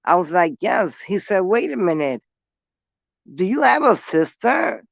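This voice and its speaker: A woman's voice: mid-range voice, big pitch swings, measured pace, creaky, no room sound, muffled recording. A woman from New City, telling a story in blunt, profane street talk while smoking. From New York City. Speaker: vlogger. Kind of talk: casual storytelling.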